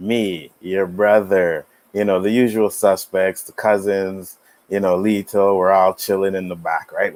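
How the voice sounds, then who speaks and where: A man hosting a casual podcast, telling stories in an animated way, swearing freely and acting out the people he quotes. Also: sits low, measured pace, poor audio. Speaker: podcast host. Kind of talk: casual storytelling chat.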